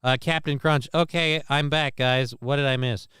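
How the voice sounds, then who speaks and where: A man's voice: medium pitch, steady tone, normal speed, a bit bright, clean tone, no echo, studio quality. A man giving casual, rambling, sarcastic commentary as he reacts to a video.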